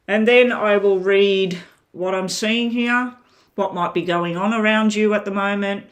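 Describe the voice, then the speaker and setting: A woman reading tarot on a live stream, chatting loosely to her viewers and talking while she eats. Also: mid-range voice. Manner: rambling, chatty, talks while eating. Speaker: tarot reader. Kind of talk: casual livestream chat to viewers.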